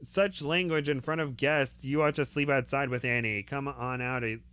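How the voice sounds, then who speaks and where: A man's voice: medium pitch, fairly even intonation, moderate pace, fairly bright tone, clean tone, lightly acted. A man reading the lines of an easygoing, joking adult wizard in a storybook. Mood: teasing.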